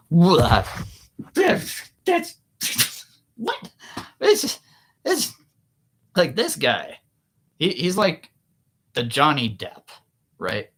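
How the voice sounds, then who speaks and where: A man, an author, telling a story in a casual, animated way with laughs. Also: a little high, extremely slow, pauses often, slight background noise. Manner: animated, with many restarts and laughs. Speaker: author and vlogger.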